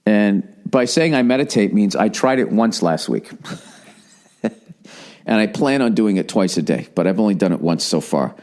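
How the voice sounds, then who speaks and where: A middle-aged man from Boston hosting a podcast, ranting casually and profanely, swinging between loud gripes and low muttering. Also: animated, normal speed. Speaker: podcast host. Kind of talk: casual comedic podcast rant.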